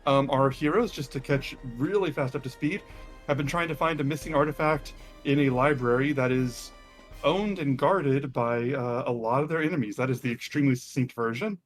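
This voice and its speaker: A man narrating as game master of a live-streamed tabletop game, relaxed and chatty with many pauses. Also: mid-range voice, faint music behind.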